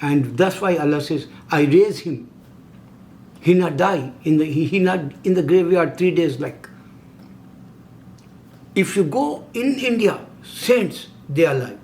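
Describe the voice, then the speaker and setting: A man's voice: fairly high pitch, animated, measured pace, a little mellow, slight background noise. A middle-aged man speaking broken English in an impassioned religious monologue, hammering repeated rhetorical questions. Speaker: video host.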